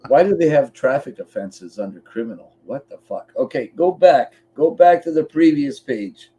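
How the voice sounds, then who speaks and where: A man's voice: mid-range voice, animated, unhurried, warm tone. A man from Canada co-hosting a podcast, chatting casually and bluntly, swearing freely while walking through a website step by step. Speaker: podcast co-host. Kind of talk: casual chat.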